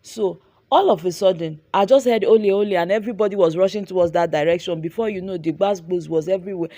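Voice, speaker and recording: A woman's voice: fairly low pitch, fast, warm tone, no room sound. A young Nigerian woman, a fashion designer and vlogger, animatedly retelling a dramatic story with lots of repetition. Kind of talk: storytelling vlog.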